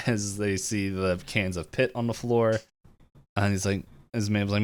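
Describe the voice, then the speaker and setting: A man co-hosting a podcast, retelling a cartoon episode in a casual, animated way and jumping into the characters' lines with laughter. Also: fairly low pitch, unhurried, clear, resonant tone. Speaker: podcast co-host.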